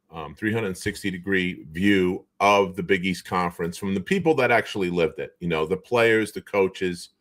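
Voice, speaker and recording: Animated storytelling man, fairly low voice. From New Bedford, Massachusetts area. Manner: animated storyteller, chuckles often, trails off in restarts. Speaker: guest, former basketball player and show co-host. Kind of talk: casual storytelling interview.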